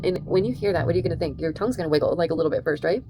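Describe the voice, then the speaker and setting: Fast-talking woman with a gravelly voice. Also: on the low side. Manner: rambling, emphatic, lots of "like" and "right?". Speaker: vlogger. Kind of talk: casual storytelling vlog.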